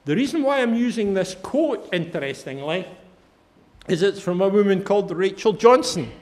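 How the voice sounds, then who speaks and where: Middle-aged Scottish man with a high voice, chatty conference speaker, salty anecdotes. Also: animated, moderate pace, a little mellow. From Fife, Scotland. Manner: chatty, anecdotal, swears casually. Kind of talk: humorous storytelling talk.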